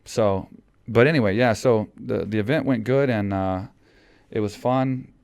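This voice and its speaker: Guy on a podcast, kinda low voice, rambly, lots of ums and restarts. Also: a little slow, darkish tone, clear, resonant tone. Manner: rambling, many fillers and restarts. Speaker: podcast host. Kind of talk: casual chat.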